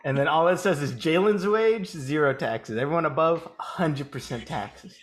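A man's voice: fairly high pitch, moderate pace. A young man co-hosting a podcast, teasing his co-host and laughing often in casual chat.

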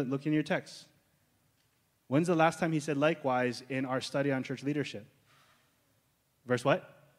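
Pastor teaching in a reverberant hall. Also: male voice, medium pitch. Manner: conversational, checks in with the congregation often. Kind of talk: teaching sermon.

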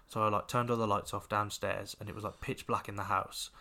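Male podcast co-host, casual and rambling, low but bright voice. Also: steady tone, quick pace, few pauses. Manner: rambling storyteller, many fillers. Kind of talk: casual chat.

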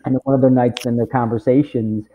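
A man's voice: medium pitch, little pitch movement, fairly quick. Rambling man in his forties, phone-like sound. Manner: rambling, packed with "you know" and "right?". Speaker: guest, camp director. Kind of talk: casual storytelling interview. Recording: tinny phone-like audio.

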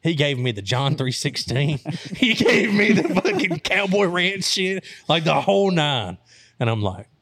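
A man's voice: a little high, sing-song, unhurried, a bit bright, dry recording. A young man from Arkansas telling a wild story in casual talk, profane and laughing as he goes. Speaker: storyteller host.

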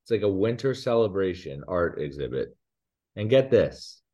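A deep-voiced, very animated man with a mellow sound speaks at a moderate pace as a podcast co-host. In loose, casual chat he tells a rambling story that pokes fun at himself, laughing as he goes.

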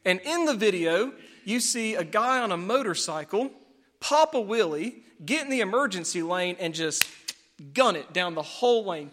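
A man preaching a sermon as pastor, telling a story with animated, exclaiming delivery. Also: high voice, in a large hall.

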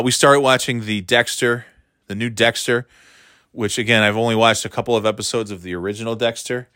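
A man's voice: fairly low pitch, a bit bright, no room sound. Rambling, wry man on a dry mic. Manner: rambling, candid, wry, chuckles often. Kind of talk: casual solo chat.

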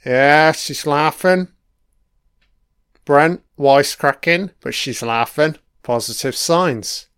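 A man's voice: fairly high pitch, slow, fairly bright tone, smooth, no room sound, clean studio sound. A man giving crude, profane live reaction commentary while watching an episode. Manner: crude, profane running remarks.

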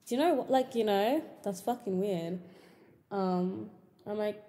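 A woman's voice: moderate pace, long reverb tail, a little hiss or hum. Exasperated young woman telling a story. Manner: animated, swears often, frequent pitch jumps when exasperated. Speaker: podcast host. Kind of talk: casual storytelling.

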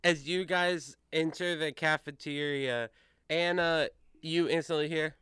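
A man running a tabletop game as game master, narrating in a relaxed, meandering way. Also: fairly high pitch, a little slow, smooth, no echo, clean studio sound.

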